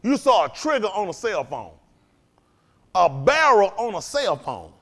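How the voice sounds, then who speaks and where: Man preaching, high voice, very animated pitch, emphatic repetition. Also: a little slow. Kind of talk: fiery sermon.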